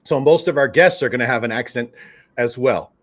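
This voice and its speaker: A man hosting a live stream in a relaxed, jokey way, calling out viewers by name. His voice sits in a middle pitch, neither high nor low. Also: brisk. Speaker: host of a collectibles show's live stream. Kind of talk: casual live-stream chat.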